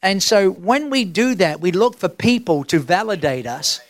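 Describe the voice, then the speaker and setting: High-voiced pastor preaching. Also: male voice, animated, dry recording. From Australia. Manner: emphatic, drawn-out preaching with rhetorical questions. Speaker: senior pastor. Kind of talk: sermon.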